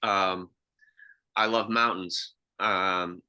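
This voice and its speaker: A man's voice: low-pitched, fairly even intonation, very slow, bright, forceful tone, clean tone, lo-fi sound. A man co-hosting a podcast, telling reflective stories in casual chat with frequent restarts. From half Swiss. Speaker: podcast co-host.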